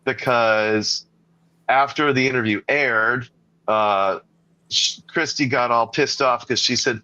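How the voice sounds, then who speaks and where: An American man on a remote call, the audio dull and lo-fi. His voice is bright and forward, and he tells stories in a relaxed, joking way that slips into swearing. Loose podcast banter from a guest writer. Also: medium pitch, takes it slowly. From United States. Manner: joking, profane, laid-back storytelling. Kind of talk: casual podcast chat.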